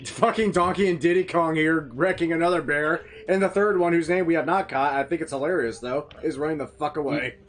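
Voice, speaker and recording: A man playing a tabletop game, excitable and laughing, with heavy swearing. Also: a little high, brisk, hardly any pauses, a little hiss or hum. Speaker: player. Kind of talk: casual tabletop play.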